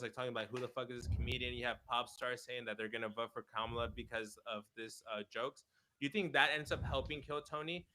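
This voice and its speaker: A man's voice: mid-range voice, sharp tone, poor audio. A young man co-hosting a casual political chat, blunt and profane, who peppers his talk with "bro" as he gets worked up. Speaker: podcast co-host.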